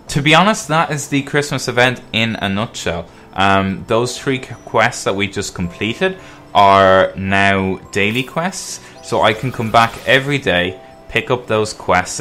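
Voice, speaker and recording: Deep, bright-edged male host for casual game walkthrough commentary, faint music under. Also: a little slow. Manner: relaxed, explaining as he plays, with frequent um and uh. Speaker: game guide video host.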